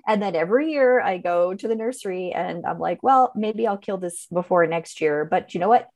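A woman's voice: lowish voice, moderate pace. A middle-aged woman co-hosting a podcast, chatting casually and telling stories with frequent laughter. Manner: animated storyteller who laughs often. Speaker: podcast co-host. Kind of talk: casual chat.

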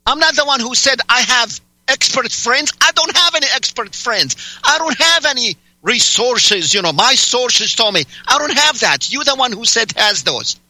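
Male talk radio host, high sharp voice, combative and sarcastic, dry studio mic. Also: animated, normal speed, few pauses, no room sound, poor audio. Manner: interrupting, demanding, sarcastic. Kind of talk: heated on-air argument with a caller.

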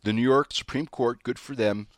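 A man's voice: mid-range voice, steady tone, moderate pace, no room sound, clean studio sound. A man hosting a political talk radio show, delivering an opinionated, folksy commentary monologue.

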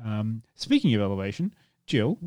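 A man's voice: fairly low pitch, moderate pace. A man hosting a casual film podcast, joking and laughing as he talks. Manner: animated, joking, trailing off into laughs. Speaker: podcast host. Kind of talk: casual chat.

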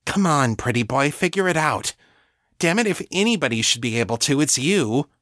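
A woman's voice: low voice, animated, normal speed, a bit bright, dry recording, studio quality, voice pushed up. A man voicing a brash, teasing young woman who speaks as a telepathic voice in an audiobook. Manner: teasing, cocky.

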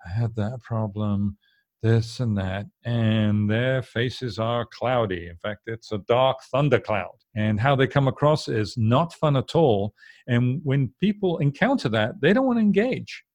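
A man hosting a relaxed business conversation, encouraging his guest along. His voice has a middling pitch. It is recorded dry, with no room echo. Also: measured pace. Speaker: host. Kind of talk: casual chat.

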